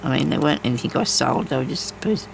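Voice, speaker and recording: A woman's voice: very deep voice, expressive, very fast, gravelly, background noise. A woman chats casually while she embroiders, rambling from story to story with many asides. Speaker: craft vlogger.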